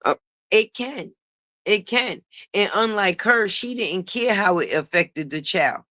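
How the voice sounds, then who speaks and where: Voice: medium pitch, lively intonation, takes it slowly, pushed and bright, dry recording, studio quality. A channel host giving a blunt, profane gossip commentary, repeating points for emphasis and laughing mockingly.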